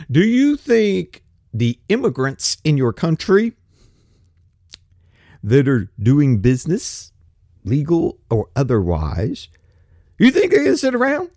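Ranting man, lively pitch. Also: dry recording, studio quality. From United States. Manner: blunt, ranting, profane, with rambling asides. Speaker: commentator. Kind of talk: solo opinion monologue.

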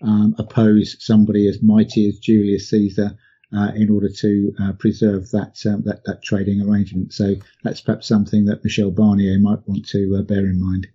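A man co-hosting a history discussion, speaking in a measured way with many ums and uhs. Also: fairly low pitch, completely flat delivery, dark tone, breathy edge, muffled recording. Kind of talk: casual discussion.

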